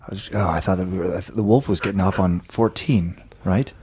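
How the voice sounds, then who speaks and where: A man, a stand-up comedian guest, improvising a scene with quick, agreeable interjections. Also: deep voice, fairly even intonation, a little mellow.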